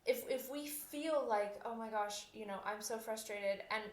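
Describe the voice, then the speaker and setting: Young adult woman, chatty podcast host, rambling and laughing, slightly high voice, echoey room. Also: moderate pace. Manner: chatty, rambling, frequent fillers and restarts, laughs often. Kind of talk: casual solo podcast talk.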